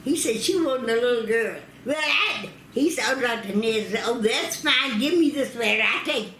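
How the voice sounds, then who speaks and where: A woman's voice: on the high side, animated, moderate pace, reverberant, heavy background noise. An older woman from North Carolina, recalling childbirth stories, acting out quoted voices and laughing often. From North Carolina, United States. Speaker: interviewee telling family history.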